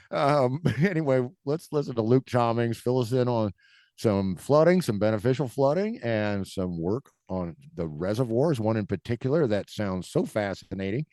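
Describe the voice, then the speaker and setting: A man hosting a podcast in a chatty, upbeat way, quick to laugh. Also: medium pitch, lively intonation, darkish tone, no echo, studio quality. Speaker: podcast host. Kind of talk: casual podcast chat.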